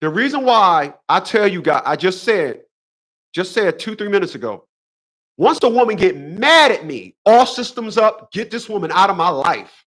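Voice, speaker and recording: A man's voice: high-pitched, sing-song, moderate pace, a bit bright. A man in his fifties hosting a casual livestream monologue, emphatic and preachy, often repeating his phrases. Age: 50s. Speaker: host.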